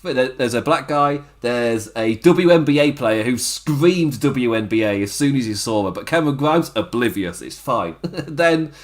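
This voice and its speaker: Man with a very lively voice. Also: medium pitch, normal speed. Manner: laughs often, acts out the wrestlers' lines. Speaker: podcast host. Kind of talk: casual wrestling review chat.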